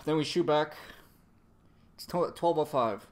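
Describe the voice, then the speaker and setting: Slow, rambling, cursing man. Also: on the high side. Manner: slow, rambling, profane, trails off with fillers. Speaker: manga reviewer. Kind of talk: casual chapter recap.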